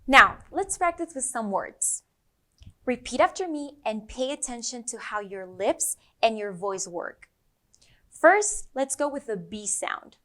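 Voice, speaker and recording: A woman with a Brazilian accent teaching English pronunciation, slowly modelling each sound for learners to repeat. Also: a little high, animated, fairly bright tone. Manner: slow, exaggerated modelling of sounds. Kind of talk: pronunciation lesson.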